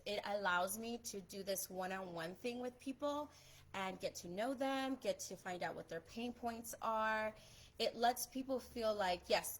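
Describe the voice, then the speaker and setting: A young adult woman talking fast and chattily in a casual live stream, giving social media tips as a photographer. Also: mid-range voice, rough recording. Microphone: phone or webcam on a live stream.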